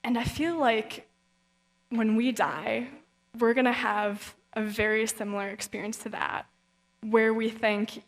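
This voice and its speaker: A woman's voice: medium pitch, moderate pace. A woman author giving an earnest, encouraging faith talk in a casual conversational way at a young-adult event. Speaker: guest speaker and author. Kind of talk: inspirational faith talk with a read-aloud story. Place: event hall. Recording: long reverb of a large hall.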